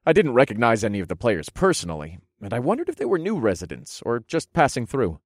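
A man narrating a first-person fantasy audiobook with expressive storytelling, softening for intimate moments. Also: medium pitch, fast talker, no room sound, clean studio sound.

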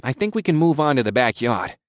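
A man's voice: mid-range voice, very animated, fairly quick, dry recording, clean studio sound, lightly acted. A man voicing a nervous, apologetic male health inspector who stammers when flustered.

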